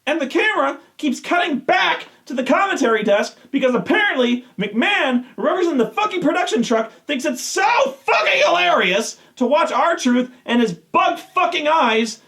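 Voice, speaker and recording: A man's voice: very high voice, lively intonation, normal speed, hardly any pauses, sharp tone. A man hosting a show, ranting with exasperation and heavy swearing. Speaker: show host. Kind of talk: profane rant.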